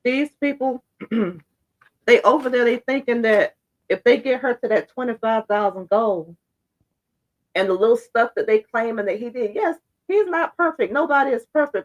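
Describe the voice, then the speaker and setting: A woman giving blunt, fired-up opinion commentary straight to her viewers, her voice hoarse and congested. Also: a little high, lo-fi sound. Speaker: social media commentator.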